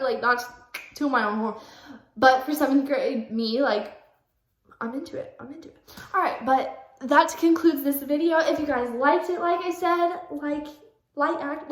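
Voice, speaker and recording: A woman's voice: sits high, fairly bright tone. A young woman vlogger, giggly and full of fillers, casually reading aloud and retelling a story. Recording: echoey room.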